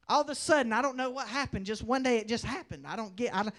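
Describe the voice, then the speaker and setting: A young man with a very high-pitched voice delivers a sermon testimony. He moves between loud, emphatic lines and quiet, hushed storytelling. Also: quick pace, hardly any pauses. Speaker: preacher.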